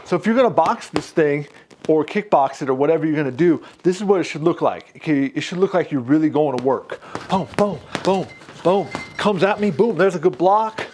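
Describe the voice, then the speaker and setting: High-voiced man demoing a punching bag. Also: fairly quick, noisy background. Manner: energetic, punctuates moves with 'boom' and 'pop'. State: slightly out of breath. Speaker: fitness instructor. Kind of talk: product demo while training.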